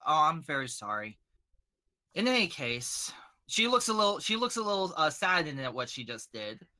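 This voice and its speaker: A man's voice: high-pitched, very animated, brisk, sharp tone. A man narrating as game master in a tabletop game, with a loose style full of fillers.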